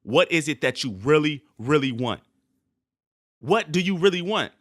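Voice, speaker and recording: A man hosting a motivational podcast, talking intensely and forcefully in a preachy way that sounds almost angry. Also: fairly high pitch, lively intonation, moderate pace, no echo, studio quality. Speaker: podcast host and sports motivation coach. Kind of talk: motivational speech.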